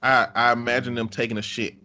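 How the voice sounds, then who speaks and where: A man's voice: medium pitch, flat delivery, quick pace, bright, forceful tone, lo-fi sound. Jokey, profane man in casual chat. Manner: profane, jokey, laughs often.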